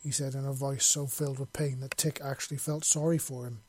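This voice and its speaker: A man narrating a science fiction story in a steady, even reading style. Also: medium pitch, fairly quick, a little hiss or hum. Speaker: audiobook reader.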